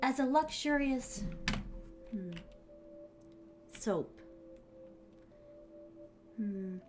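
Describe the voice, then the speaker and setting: A woman's voice: a little high, lively intonation, very slow, over music. A young woman streamer chatting casually with her viewers while she writes. She speaks with theatrical, refined diction and calls her audience "my starlings". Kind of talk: casual live-stream chat while writing.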